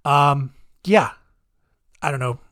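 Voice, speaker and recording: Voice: medium pitch, takes it slowly, fairly bright tone, dry recording, clean studio sound. A podcast host giving solo commentary in a rambling way, leaning heavily on filler words. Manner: rambling, heavy use of "like".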